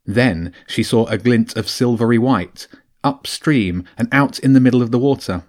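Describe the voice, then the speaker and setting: A man narrating a children's adventure audiobook with a lively, expressive reading. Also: mid-range voice, moderate pace. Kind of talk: storybook narration.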